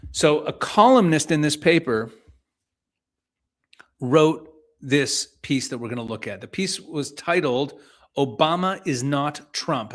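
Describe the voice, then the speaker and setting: A man giving political commentary to camera, explaining news and reading excerpts aloud, with frequent restarts. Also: on the high side.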